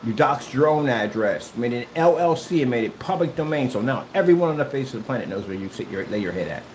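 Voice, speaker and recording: A man's voice: mid-range voice, animated, fast talker, darkish tone, reverberant, a little hiss or hum, rough recording. A man ranting in a callout video, combative and mocking, who keeps repeating himself. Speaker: YouTuber.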